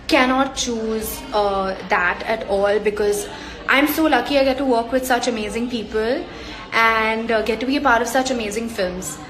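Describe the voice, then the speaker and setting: A woman's voice: a little high, fairly bright tone. A young woman with an Indian accent chatting casually on a live stream, bubbly and laughing often as she reads fan comments aloud. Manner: bubbly and chatty, laughs easily, sends hugs and kisses. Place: indoor room away from home, on a work day. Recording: echoey room on a phone stream.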